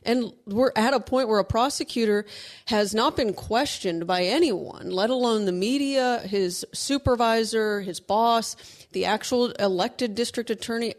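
A woman co-hosting a legal talk show, arguing her points in a brisk, assertive way. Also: medium pitch. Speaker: co-host, lawyer. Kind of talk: casual legal commentary.

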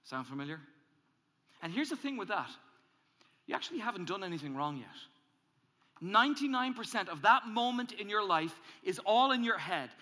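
A male pastor preaching a sermon, animated and emphatic, acting out angry inner voices as he builds. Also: normal speed, long pauses. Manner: animated, acts out angry inner voices, rises in pitch and volume when emphatic. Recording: hall reverb.

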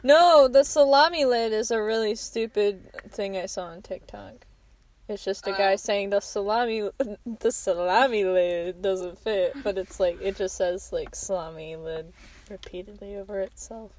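A woman's voice: medium pitch, normal speed, darkish tone, a little hiss or hum. A woman co-hosting a casual late-night podcast, laughing often, swearing freely and making fun of herself. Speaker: podcast co-host. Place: outdoors at night.

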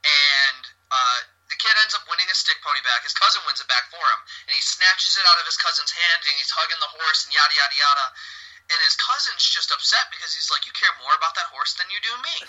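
A man, a wrestler guest, telling stories in an animated, rambling way with many restarts. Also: on the high side, brisk, dull audio. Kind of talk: casual storytelling interview.

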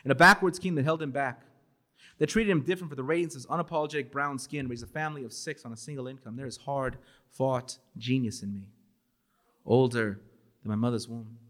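A man's voice: mid-range voice, fairly quick, a bit bright. A man in his forties from Los Angeles performing spoken word poetry at a bookstore event, with emphatic, dramatic delivery and Spanish words mixed in. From Los Angeles, USA.

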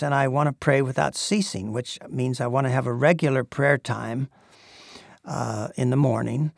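Male preacher, gravelly voice, earnest, unhurried sermon delivery, dry close recording. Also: mid-range voice, no echo. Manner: earnest, measured, with frequent "uh" pauses.

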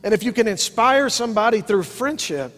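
A middle-aged man preaching a sermon from the pulpit, his voice sitting high for a man. He drives his points with repeated call-outs to the congregation. The sound carries a long hall reverb. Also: lively intonation, a little fast, a bit bright. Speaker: pastor. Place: church sanctuary with congregation.

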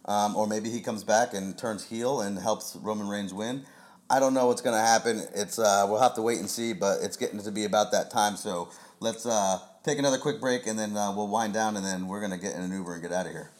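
A man's voice: lowish voice, brisk. A man hosting a casual chat show, giving laid-back, rambling predictions. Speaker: podcast host.

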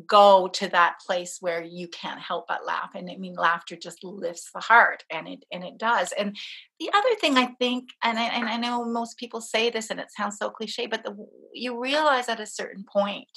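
Bright, husky woman telling a story. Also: medium pitch. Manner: emotional, laughs often while telling stories. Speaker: interview guest. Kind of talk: personal storytelling in conversation.

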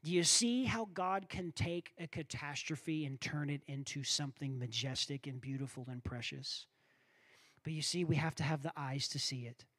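A man preaching a sermon, telling stories with animated quoted voices and asking the crowd if they're with him. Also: on the high side, normal speed, dry recording. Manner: animated storytelling, acting out quoted voices, asks the crowd for responses.

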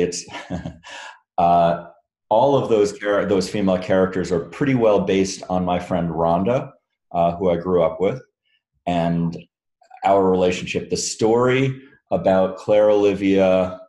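Deep-voiced man, rambling and self-deprecating. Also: mellow, roomy sound. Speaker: author answering audience questions. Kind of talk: casual Q&A talk. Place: room with a live audience.

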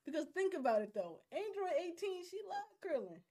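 A young woman with a high, bright-pitched voice talks on a casual podcast. She is animated and laughs often. Her stories run loose and are full of swearing. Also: brisk. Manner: animated, laughing, profane storytelling. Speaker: podcast co-host. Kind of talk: casual chat.

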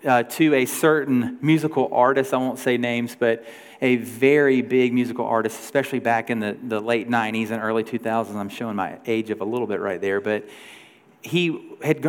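A man in his forties preaching a sermon as pastor, telling a story in a loose, conversational way with shifting pace and loudness. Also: medium pitch. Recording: long hall reverb.

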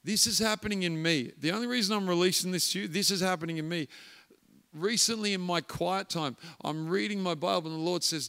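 A man with a high, brisk voice, pushed, bright and smooth, preaches a guest sermon in a church hall, telling a story and acting out its characters' voices. The recording carries the hall's reverb.

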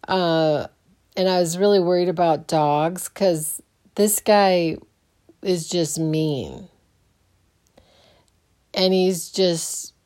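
Sleepy lady rambling on her podcast, low warm voice, takes her time. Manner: rambling, many restarts and fillers, yawning early in the morning. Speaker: podcast host. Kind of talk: casual solo podcast chat.

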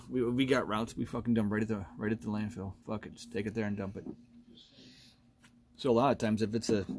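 A man's voice: on the low side, darkish tone. A man in his forties hosting a solo podcast, ranting bluntly and with lots of profanity, often laughing at himself. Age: 40s. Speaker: podcast host.

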